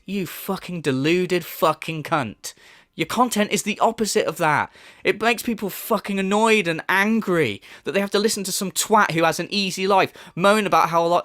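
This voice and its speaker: A man's voice: sits high, normal speed, pushed and bright, no echo, clean studio sound. A man delivering a profane, mocking rant as a commentary YouTuber. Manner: profane, mocking, laughs scornfully.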